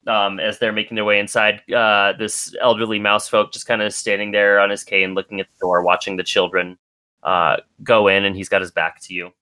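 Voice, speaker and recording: A man narrating a tabletop game as game master, relaxed and descriptive with frequent ums. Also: on the low side, a little fast, smooth, no room sound.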